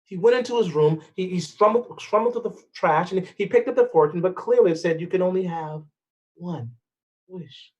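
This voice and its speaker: A man telling a folk-style story with expressive, dramatic pacing. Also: high voice, fast, hardly any pauses, muffled recording. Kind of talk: storytelling performance.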